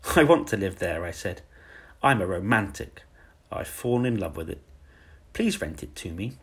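A man voicing a timid, kind young woman teacher in a soft, modest, earnest manner. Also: low-pitched, sing-song, normal speed, slightly rough, heavily acted. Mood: gentle.

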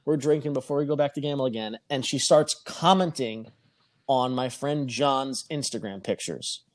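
A man's voice: medium pitch, normal speed, no room sound. A man telling a long anecdote in a casual podcast chat, swearing freely and acting out what other people said. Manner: profane, animated, acts out quoted voices.

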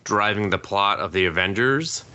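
A man's voice: lowish voice, moderate pace, bright, forceful tone, muffled recording. A man co-hosting a casual podcast chat, ranting sarcastically and profanely and mocking what he dislikes in put-on quotes. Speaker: podcast co-host.

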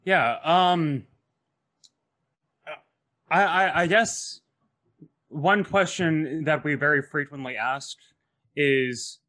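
A man co-hosting a podcast, asking interview questions haltingly and carefully. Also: on the high side, bright, forceful tone.

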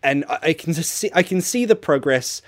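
A man's voice: a little high, animated, normal speed, dry recording. A male guest in a casual chat, speaking in an earnest, encouraging way.

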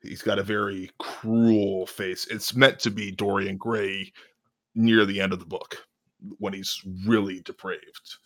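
A man with a lowish voice chatting casually, informed and wry. He drops deadpan jokes without changing his tone. The sound is dry and close. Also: a little slow, no echo. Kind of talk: casual chat.

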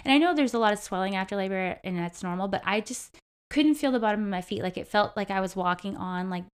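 A woman's voice: medium pitch, animated, fast, smooth. A young adult woman telling a personal story in a casual talk with a host, chatty and full of "like". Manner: chatty, heavy use of "like". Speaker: interview guest.

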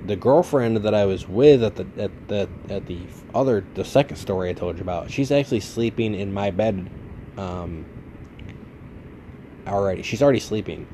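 A man's voice: on the low side, dark tone, a little hiss or hum. A man in his late twenties casually telling a long story on his podcast, rambling and swearing freely. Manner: rambling, profane, laid-back. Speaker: podcast host.

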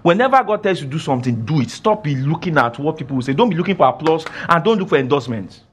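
A man's voice: on the high side, lively intonation, rapid-fire, husky. A man preaching a sermon, emphatic and scolding, repeating phrases for effect. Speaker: pastor. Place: church.

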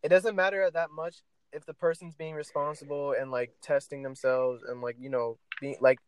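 A young man co-hosting a casual podcast, ranting with loud and soft swings. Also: a little high, steady tone, normal speed, slight background noise, low-quality recording. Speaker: podcast co-host.

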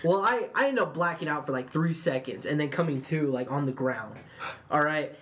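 A man's voice: on the high side, lively intonation, moderate pace, a bit bright. Young man telling a rambling story. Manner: rambling storyteller, swears a lot, lots of "dude" and "like". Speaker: podcast co-host. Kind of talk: casual chat.

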